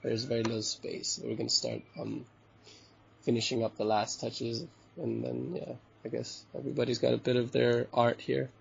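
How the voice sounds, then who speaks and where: A man from Bali, a hostel owner being interviewed, talking in a loose, relaxed, rambling way with frequent chuckles and fillers. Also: medium pitch, moderate pace, gravelly, slight background noise. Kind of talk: casual chat interview. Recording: dull lo-fi recording.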